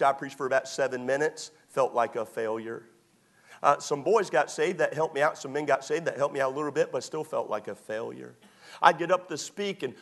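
A middle-aged man, a pastor telling self-deprecating stories in a sermon, full of fillers and restarts. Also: fairly high pitch. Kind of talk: storytelling sermon.

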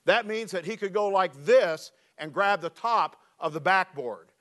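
A preacher man with a fairly high voice gives an animated, storytelling sermon and reads scripture aloud. His voice sounds a little weak and worn. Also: a little slow. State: slightly weak voice. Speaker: pastor.

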